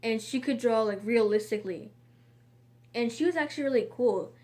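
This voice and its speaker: Woman vlogging, fairly high voice, casual storytime, rambling, filler-heavy. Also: normal speed, darkish tone. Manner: rambling, chatty, lots of "like" and "um".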